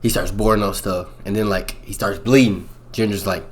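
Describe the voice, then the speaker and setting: A young man casually recapping a movie plot in a rambling, slangy way, peppering it with "boom" and "bro". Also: fairly even intonation, normal speed. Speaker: movie reviewer.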